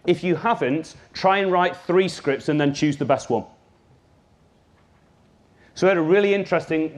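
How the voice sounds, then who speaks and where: A man giving a live workshop talk as a business trainer, lively and jokey, speaking straight to his audience. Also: fairly high pitch.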